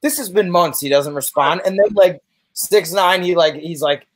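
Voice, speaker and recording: Young male podcast co-host, fairly high, dry close sound, animated swearing rants. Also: moderate pace, dry recording. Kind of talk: casual chat over remote call.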